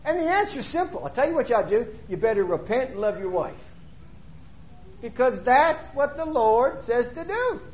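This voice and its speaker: A middle-aged man preaching a sermon, emphatic, asking rhetorical questions and swinging between loud and soft delivery. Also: very high voice, big pitch swings, moderate pace.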